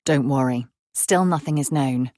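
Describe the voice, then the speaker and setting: A woman voicing a devoted young German-born man who speaks to his love softly and reassuringly. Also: extremely low pitch, measured pace, dry recording, studio quality. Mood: tender. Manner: soft, reassuring, affectionate.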